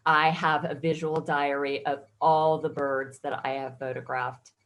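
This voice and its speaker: A woman's voice: sits low, flat delivery, a little slow. A woman photographer telling her personal story in an interview, reflective and earnest. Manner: reflective, earnest, emotional at times. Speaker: guest photographer.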